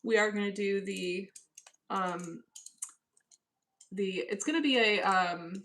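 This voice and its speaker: A woman's voice: mid-range voice, takes it slowly, fairly bright tone. A woman hosting a live stream from home, reading chat messages aloud and answering in a cool, dismissive casual manner. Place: at home, indoors.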